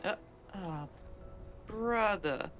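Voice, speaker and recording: A woman's voice: medium pitch, drawn-out words, music in the background. A woman live-streaming a game, chatting casually, thinking aloud and poking fun at herself.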